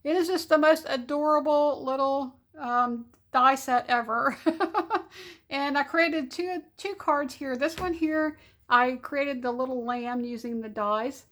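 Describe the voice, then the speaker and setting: In a casual crafting vlog at home, the papercraft channel host sounds bubbly, giggly and sweet-talking, her high voice fairly bright in tone and her pace measured.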